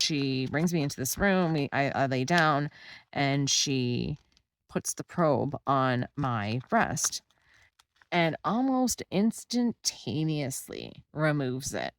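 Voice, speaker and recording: A woman's voice: very deep voice, very animated, slow pace. A woman in her thirties telling her own story of a hard diagnosis in a candid, emotional way, acting out what others said in quoted lines. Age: 30s. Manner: casual with frequent fillers like "like" and restarts. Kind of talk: personal storytelling to camera.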